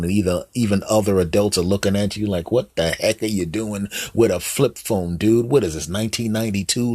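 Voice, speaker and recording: A man's voice: low-pitched, a little mellow, no room sound. A man hosting a comedy podcast, delivering a teasing, sarcastic monologue straight to his listeners. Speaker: podcast host. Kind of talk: comic monologue.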